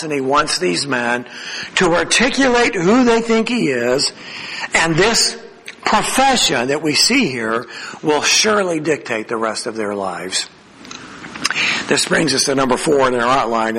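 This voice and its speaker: Male pastor, high lively delivery, bright husky tone, hall reverb. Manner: emphatic preaching with sweeping pitch. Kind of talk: sermon.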